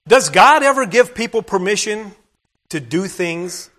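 A man's voice: high voice, expressive, unhurried, bright, forceful tone. A man preaching a sermon, retelling a scripture story in a plain, conversational way with asides to the congregation.

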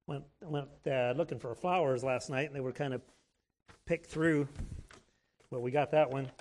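A man preaching a sermon in a church service, often restarting and repeating his words and clearing his throat. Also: mid-range voice, moderate pace, darkish tone, a little hiss or hum.

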